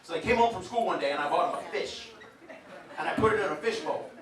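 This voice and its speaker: Brash comedian in an echoey pub. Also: male voice, sits high, expressive, fast talker. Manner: brash, crude storytelling with punchy one-liners. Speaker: stand-up comedian. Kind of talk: live stand-up comedy. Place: pub stage in front of a live audience. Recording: distant echoey pub room with crowd laughter. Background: audience laughter and bar ambience.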